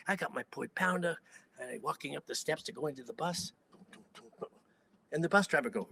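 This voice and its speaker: An older man with a Hawaiian Pidgin accent, telling a first-person story in an animated, conversational way. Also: mid-range voice, moderate pace, creaky. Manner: animated, conversational, dramatic swings in loudness.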